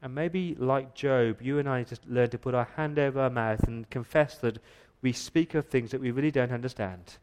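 A man preaching a sermon in church with emphatic, pressing delivery. He asks rhetorical questions and often trips over and repeats his words. His voice sits at an ordinary male pitch. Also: normal speed, few pauses, darkish tone, clean tone. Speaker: pastor.

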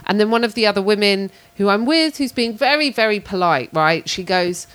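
A woman's voice: medium pitch, a little fast, few pauses. A woman telling a story in casual chat, acting out the people in it. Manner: animated storyteller, acts out voices. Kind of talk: casual anecdote.

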